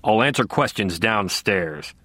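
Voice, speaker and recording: A man voicing a gruff, angry male police captain who barks orders. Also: lowish voice, expressive, measured pace, sharp tone, no room sound, exaggerated voice. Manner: barking, venomous.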